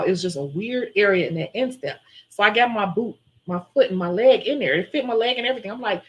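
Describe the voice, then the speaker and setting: Brief: woman nail-tech host, chatty live-stream storyteller, mid-pitched voice. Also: brisk, poor audio. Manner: chatty, animated storyteller who acts out her own quotes.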